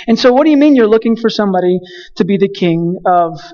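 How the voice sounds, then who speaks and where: A man's voice: high voice, animated, quick pace, dark tone, in a large hall, muffled recording. A man voicing an indignant, self-important adult king who insists on his own importance. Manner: whiny, insistent, repeating himself.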